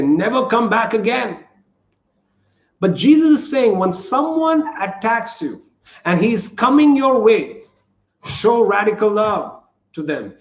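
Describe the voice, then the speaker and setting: A man preaching a sermon as pastor, earnest and repetitive, asking the congregation questions. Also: high-pitched. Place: church sanctuary. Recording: echoey church room, dull lo-fi sound.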